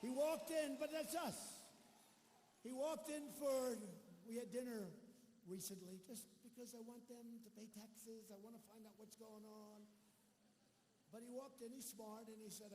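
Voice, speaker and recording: A man with a high voice and a darkish tone speaks at a moderate pace, delivering a rambling, boastful campaign rally speech full of mocking asides to a big arena crowd. The echoey hall carries faint crowd ambience and slight background noise.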